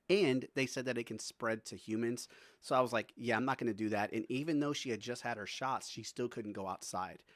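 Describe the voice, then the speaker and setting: A man's voice: medium pitch, no room sound. A man streaming live, chatting casually with his viewers, laughing often and talking to his dog between stories.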